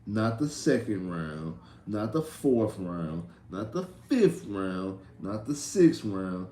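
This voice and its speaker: A man hosting a livestream and ranting about sports in casual slang. He repeats himself, swings from loud outbursts to mutters, and sounds exasperated. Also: lowish voice, very animated, slow, roomy sound. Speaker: livestream host.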